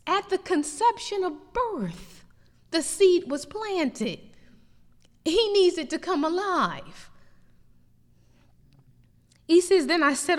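Animated woman preaching in a reverberant hall. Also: high voice. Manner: animated preaching with rising emphatic peaks. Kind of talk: sermon.

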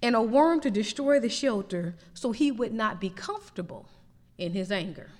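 A woman preacher delivering a lively, emphatic sermon. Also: on the high side, moderate pace, long reverb tail. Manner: animated preaching with rising emphatic peaks.

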